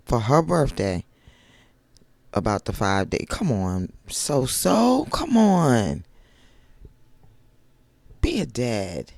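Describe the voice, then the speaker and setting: A man's voice: lowish voice, big pitch swings, slow, pauses often, dry recording. A man giving casual, sassy and blunt commentary while recapping a reality TV episode, talking back at the cast.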